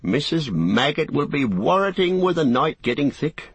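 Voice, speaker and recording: A blunt, kindly hobbit farmer with a rustic country dialect, as a male narrator puts him on. The voice sits well above the narrator's own and comes out loud and hearty, in a dry, close audiobook reading. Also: on the high side, sing-song, normal speed, breathy edge, no echo, voice pushed up, full character voice. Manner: country dialect, plain-spoken. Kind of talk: audiobook character voice.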